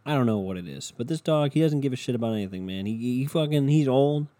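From bed at home, his dog beside him, a young podcast host talks solo into a home podcast mic, rambling casually and cursing with sardonic bite. His mid-range voice is expressive and dark-toned, and he moves at a quick pace.

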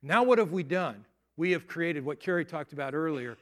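A man's voice: a little high, lively intonation, normal speed, fairly bright tone. A middle-aged man preaching a sermon as pastor, earnest and emphatic, acting out what people might say. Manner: earnest, emphatic preaching with rising intensity and acted-out quotes.

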